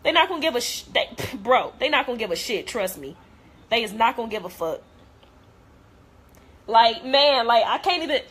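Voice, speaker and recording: A young woman vlogger, her voice a little high and a bit bright, goes on an emotional rant to camera. She swears heavily and sounds blunt, wounded and angry.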